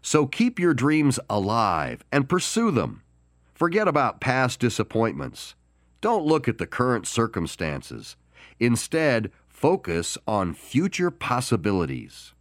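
A man hosting a Christian podcast, delivering an encouraging devotional talk with deliberate pauses and emphatic stress on key words. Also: mid-range voice, huge pitch swings, dry recording, clean studio sound. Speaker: podcast host.

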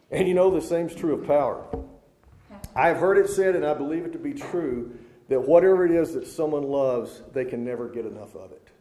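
A man's voice: on the high side, mellow. A man preaching a sermon to a live audience, talking to them in a conversational way and putting questions to the crowd. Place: large room with a live audience. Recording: echoey room.

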